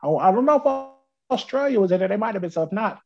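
A man's voice: sits high, lively intonation, fast, lo-fi sound. A man from New Jersey, talking as a guest in a casual interview over a remote call, upbeat and rambling, often repeating words.

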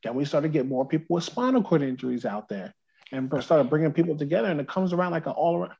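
An upbeat man from New Jersey chats as a podcast guest, his voice pitched a little high and gravelly with fry. He rambles and repeats words as he talks. The call audio is dull and lo-fi. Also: lively intonation, fast, a little mellow. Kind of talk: casual interview chat.

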